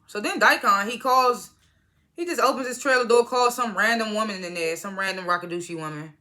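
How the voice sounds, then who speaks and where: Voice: mid-range voice, a little fast, bright, forceful tone. A speaker casually recapping a TV episode, retelling scenes as quoted dialogue, swearing freely and chuckling along. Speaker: TV episode reviewer.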